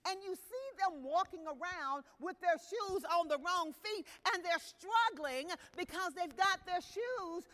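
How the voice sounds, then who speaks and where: A woman's voice: extremely high pitch, lively intonation, unhurried, few pauses, a bit bright. A woman preacher delivering a sermon to a congregation with emphatic, questioning delivery. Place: church sanctuary. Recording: long reverb of a large hall.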